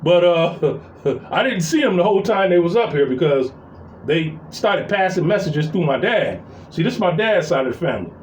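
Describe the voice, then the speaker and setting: A man telling a story in a casual, profane, animated way, venting to his viewers from his workplace. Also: a little high, normal speed. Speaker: vlogger. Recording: echoey, distant mic with faint background noise.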